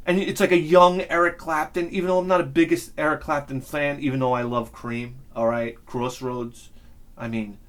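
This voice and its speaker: A man hosting his own channel, telling a rambling, excitable story in a casual monologue and swearing freely. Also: a little high, normal speed. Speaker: channel host.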